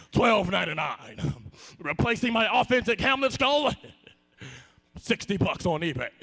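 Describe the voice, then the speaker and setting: Young man as a punchy commercial announcer, emphatic, bouncing pitch. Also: fairly bright tone, exaggerated voice.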